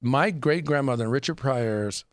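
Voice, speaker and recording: A man's voice: medium pitch, moderate pace, dry recording, studio quality. A man hosting a podcast in casual chat, enthusiastic and hyping up his guests. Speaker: podcast host.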